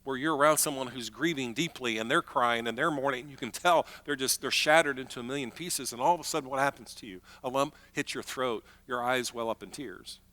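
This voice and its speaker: A man preaching a sermon as pastor, emphatic, swinging between loud declarations and hushed, slow moments. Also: mid-range voice.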